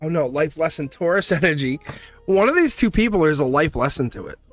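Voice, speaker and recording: A man's voice: on the high side, big pitch swings, brisk, no echo, faint music behind. A man giving a live tarot reading, blunt and chatty, laughing often and acting out little voices. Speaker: tarot reader.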